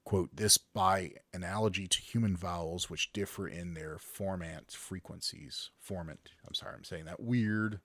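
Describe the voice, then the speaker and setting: A man's voice: low voice, steady tone, normal speed, hardly any pauses, a bit bright, no echo. A man co-hosting a podcast, reading a science article aloud and stumbling over words, then joking with friends. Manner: reads articles then jokes, slips on words. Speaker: podcast co-host. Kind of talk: casual chat, reading news aloud.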